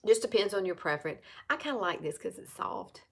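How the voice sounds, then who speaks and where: A woman's voice: mid-range voice, big pitch swings, a little fast, gravelly. A woman in her fifties with an Alabama Southern accent gives a chatty, casual makeup tutorial, often repeating herself and talking straight to viewers. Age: 50s. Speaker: makeup seller and vlogger.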